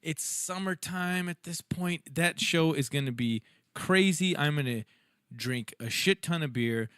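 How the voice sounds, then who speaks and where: A man's voice: fairly high pitch, unhurried, a bit bright, smooth, no echo, clean studio sound. A man co-hosting a podcast in casual chat, joking and teasing, riffing with acted-out voices. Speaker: podcast co-host.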